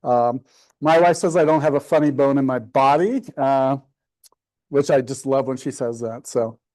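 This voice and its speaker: A man's voice: medium pitch, moderate pace, darkish tone. A middle-aged man presenting to a photography club in a casual, sarcastic and self-deprecating way.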